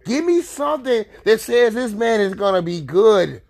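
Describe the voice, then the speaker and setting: A man ranting furiously as a sports fan, swearing, repeating himself and shouting in bursts. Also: high-pitched, expressive, normal speed, few pauses. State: heated and upset. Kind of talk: angry rant to camera.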